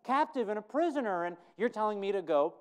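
A man's voice: very high voice, animated, normal speed, clean tone, voice pushed up. A man voicing a frightened male royal servant who pleads anxiously in an emphatic voice. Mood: alarmed.

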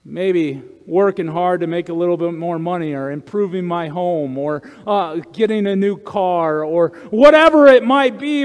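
A male pastor preaching a conversational sermon, often checking in with the congregation with asides. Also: extremely high pitch. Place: church sanctuary. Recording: church sanctuary with long reverb.

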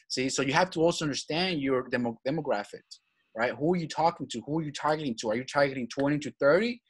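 A man's voice: fairly high pitch, fast talker, slightly rough. A man from Venezuela, a guest in a casual interview who talks with energy and keeps repeating his main points, often adding "right?" and "man". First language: Spanish. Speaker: guest, real estate acquisitions manager.

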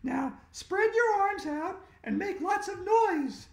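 A bossy, know-it-all schoolgirl barks orders in a shrill, high voice, put on by a man reading aloud. The pitch leaps around wildly. The room around the voice is roomy and echoing. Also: lively intonation, a little slow. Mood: commanding. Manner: shrill shouting. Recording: roomy echo.

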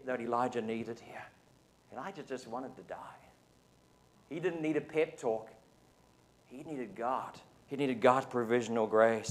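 New Zealand pastor preaching conversationally. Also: male voice, mid-range voice. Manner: conversational, often asks the congregation "right?". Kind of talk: sermon. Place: church service.

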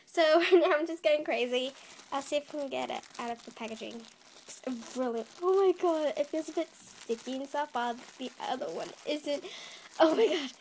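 A high-voiced teenage girl films an unboxing, squealing with giddy excitement and laughing often. Plastic crinkles softly in the background. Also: normal speed, vocal fry, a little hiss or hum. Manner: giddy, keeps exclaiming and laughing. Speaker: vlogger. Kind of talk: unboxing video.

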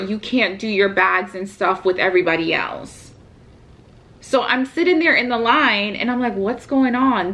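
A young woman with a slightly high, fairly bright voice vlogs from a hotel room, telling a story to family over a phone video call. She chats away with quick laughs in a casual, storytelling way.

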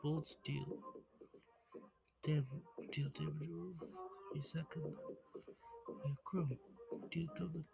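A young man giving casual, excitable gameplay commentary who swears and breaks into high panicked yelling. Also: slow pace, vocal fry, long pauses, slightly rough, no echo, poor audio. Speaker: gaming YouTuber.

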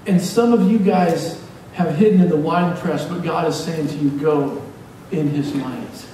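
A man preaching a sermon as pastor, lively and joking as he urges the congregation on. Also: fairly high pitch, moderate pace. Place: church sanctuary. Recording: echoey hall from far off, faint hiss.

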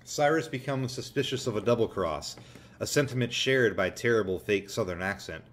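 A man's voice: on the low side, animated, normal speed. A man narrating a comedic movie review in a sarcastic, irreverent way, often laughing at his own jokes.

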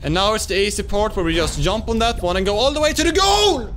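A young man giving excitable let's-play commentary, laughing and shouting at wins and fails. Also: high voice, fast talker, hardly any pauses, faint music behind. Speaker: gaming YouTuber.

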